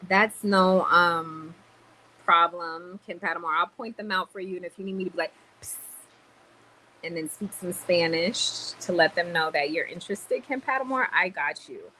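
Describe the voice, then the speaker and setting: Bright-voiced woman chatting on a livestream. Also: lowish voice, moderate pace, slight background noise, rough recording. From Cuban roots. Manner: animated, mixes Spanish words into talk. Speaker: livestream host. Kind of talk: casual livestream chat reading comments. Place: in a store in the Dominican Republic.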